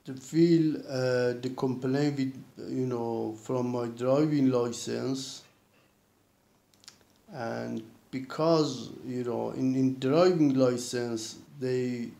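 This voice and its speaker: A man recounting a personal experience in a halting way, with many restarts and repeated fillers. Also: medium pitch, fairly even intonation, vocal fry, mellow. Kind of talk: casual spoken account. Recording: roomy echo.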